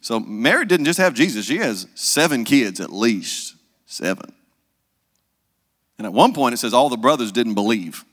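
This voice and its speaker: A pastor preaching in a loose, conversational storytelling manner, often checking in with "right?". His voice is mid-pitched, and it carries a long reverberant echo. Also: big pitch swings, normal speed, fairly bright tone. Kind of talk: sermon.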